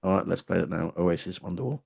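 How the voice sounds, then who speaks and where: A man's voice: sits low, quick pace, gravelly, a little mellow, husky. A man hosting a casual radio interview, chummy, with brief prompts and interjections. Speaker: radio host.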